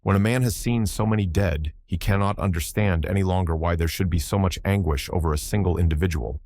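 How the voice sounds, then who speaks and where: A man reading a novel aloud in first person as an audiobook narrator, in a measured, somber manner. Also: low voice, a little mellow, no echo, clean studio sound.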